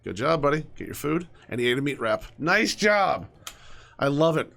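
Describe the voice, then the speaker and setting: A young man giving casual commentary while he plays a game, chatting to his characters and often dropping to soft mutters. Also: on the high side, big pitch swings, normal speed, creaky. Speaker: gaming streamer.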